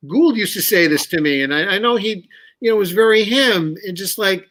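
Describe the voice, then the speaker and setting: Man, high bright voice, animated candid storyteller, salty language. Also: normal speed. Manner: animated, candid, swears freely. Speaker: guest musician. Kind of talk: casual storytelling.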